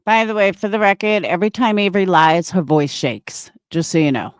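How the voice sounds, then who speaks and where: A woman's voice: fairly low pitch, fairly quick, clean tone, no echo. Woman host, commentary, blunt, confrontational, profane, dry close sound. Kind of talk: angry commentary.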